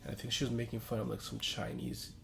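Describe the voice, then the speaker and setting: A man's voice: medium pitch, completely flat delivery, fast, gravelly, a crowd in the background. A young man co-hosting a casual podcast chat, laid-back and hedging his opinions. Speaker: podcast co-host.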